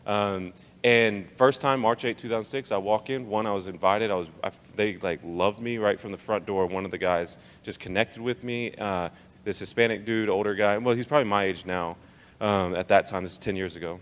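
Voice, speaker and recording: A man's voice: on the low side, moderate pace, a bit bright. A young man from Texas telling his life story to an audience in a casual, joking way. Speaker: speaker. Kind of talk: personal testimony talk. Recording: long hall reverb.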